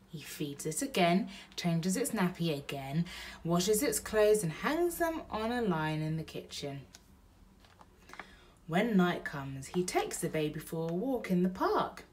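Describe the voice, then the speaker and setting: A mother reading a bedtime storybook aloud to her baby in a slow, gentle pace. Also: on the low side, sing-song, far from the mic, a little hiss or hum.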